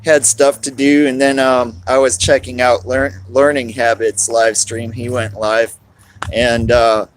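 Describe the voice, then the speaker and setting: A man's voice: medium pitch, flat delivery, unhurried. A man, live-streaming outdoors on a cold, windy day, rambling and greeting chat viewers by name.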